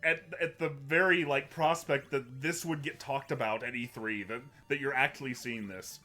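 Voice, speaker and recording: A man's voice: medium pitch, fairly even intonation, normal speed, sharp tone, faint music behind. A man hosting a casual livestream, talking in a rambling way with many restarts and fillers. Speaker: host.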